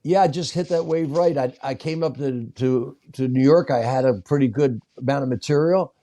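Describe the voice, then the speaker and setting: A man's voice: medium pitch, moderate pace, dark tone. A comedian guest telling stories about his early career in a rambling way, chuckling as he goes. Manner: rambling, chuckling between lines. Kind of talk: casual comedy storytelling.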